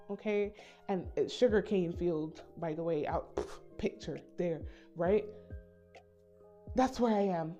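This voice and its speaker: A woman from the Caribbean tells a story to her viewers in a relaxed, mellow voice. She jumps into the voices of the people she quotes. Soft music plays behind her, and the recording sounds a little muffled. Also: mid-range voice. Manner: animated, acts out voices in quotes. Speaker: storytime YouTuber. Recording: slightly dull recording with soft background music.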